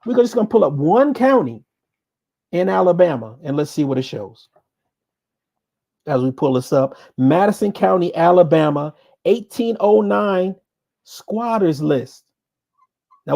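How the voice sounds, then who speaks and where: A man's voice: high-pitched, creaky, dark tone. A man hosting a podcast, giving emphatic commentary and repeating points for stress while reading sources aloud. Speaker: podcast host.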